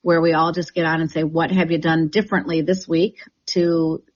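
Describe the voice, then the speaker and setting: A woman's voice: sits low, little pitch movement, moderate pace, lo-fi sound. A woman who leads a real estate team, talking in a chatty, enthusiastic way with many restarts in a radio interview.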